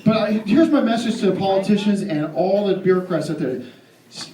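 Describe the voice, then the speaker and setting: A man doing character stand-up in a live club, ranting in an indignant, fairly high voice and restarting his sentences as he goes. He is picked up from a distance, so the room echoes around him and loud crowd laughter fills the gaps. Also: brisk, background noise. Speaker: stand-up comedian. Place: live comedy venue.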